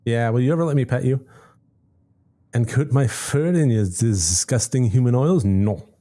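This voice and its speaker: Man playing a snooty French-accented cat, female, aloof, musing on life, mellow tone. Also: mid-range voice, moderate pace, voice pushed up, lightly acted. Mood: scornful. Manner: aloof, scornful, grandly musing. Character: haughty philosophical female cat. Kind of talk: reading a story game aloud.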